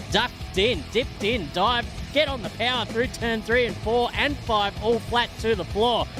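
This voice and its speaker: High-voiced race commentator over music. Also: male voice. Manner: upbeat, rattles off track details. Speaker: sim racing commentator. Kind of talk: play-by-play commentary. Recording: music playing underneath. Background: background music.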